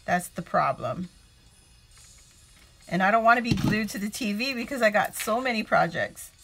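A woman's voice: medium pitch, animated, normal speed, vocal fry, a bit bright, faint music behind. A woman hosting a casual crafting livestream from home, chatting, laughing often and greeting viewers by name.

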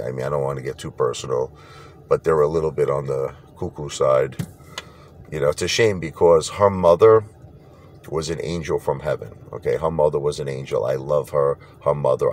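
Super deep-voiced guy ranting to his viewers, blunt, rambly. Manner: blunt, rambling, repeats himself. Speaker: vlogger. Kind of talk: casual rant to camera.

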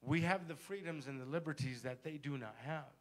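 A man's voice: on the high side, a little fast. A male pastor telling a story in a sermon and building to fervent exhortation. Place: church sanctuary.

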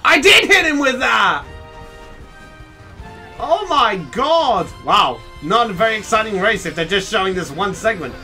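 A male game streamer giving excitable live commentary, laughing often and chatting with viewers. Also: sits high, unhurried, faint music behind.

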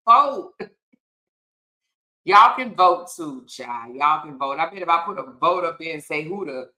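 A woman's voice: low voice, animated, a little slow, sharp tone. A woman hosting a casual livestream, reading viewer comments aloud, laughing often and calling her viewers y'all, child and honey. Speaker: livestream host. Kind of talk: casual live-stream chat reading comments.

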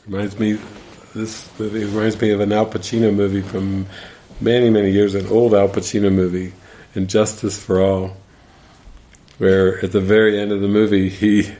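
A man giving casual spiritual commentary, telling stories in an animated way and laughing as he goes. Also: on the low side, moderate pace, slight background noise. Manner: animated storyteller, laughs while retelling. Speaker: spiritual teacher.

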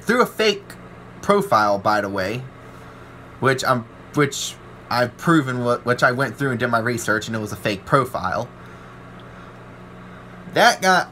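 With slight noise in the background, a welder rants to his channel about trolls in a high, bright, forceful voice. He rambles, sounds aggrieved, and acts out what other people said to him.

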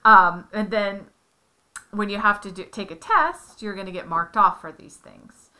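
A bright-voiced woman works through a lesson with one student. She speaks slowly and patiently, building each point step by step with examples. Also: medium pitch. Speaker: tutor.

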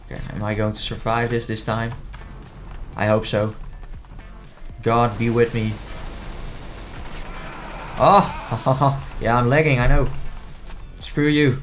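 A man's voice: medium pitch, flat delivery, slow, long pauses, fairly bright tone. Man, playful gameplay commentator, easily exasperated, faint music underneath. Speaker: gaming commentator.

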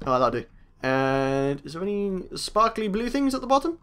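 A man's voice: sits high, big pitch swings, normal speed, a bit bright, smooth. A young man, a gaming host, chatting to himself through a let's play and taunting the monsters he meets. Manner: chatty self-talk, taunts game mobs.

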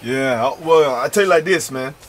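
A man's voice: mid-range voice, normal speed, slight background noise. A man from London with an American Southern accent, a rapper guest talking laid-back and slangy in a radio studio. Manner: laid-back, slangy, many fillers like "man" and "you know". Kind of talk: casual radio interview.

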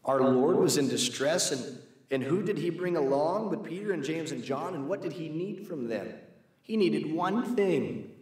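A man's voice: on the high side, animated, normal speed, a little mellow. Guy leading a bible class at church, keeps asking the room questions, very echoey, mic sits far off. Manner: asks the class questions, reads scripture aloud. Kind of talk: conversational Bible class teaching.

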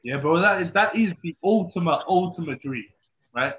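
A man's voice: high voice, lively intonation, normal speed, a bit bright. A man hosting a podcast, talking loosely and peppering his questions with "bro" and "yeah". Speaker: podcast host. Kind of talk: casual interview chat. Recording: echoey, muffled lo-fi audio.

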